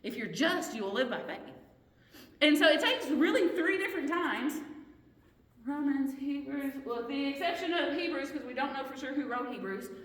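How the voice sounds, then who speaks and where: A woman's voice: high-pitched, expressive, moderate pace, fairly bright tone. A woman teaching a Bible study lesson, earnest and questioning, often restarting her sentences. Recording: roomy hall echo, mic at a distance.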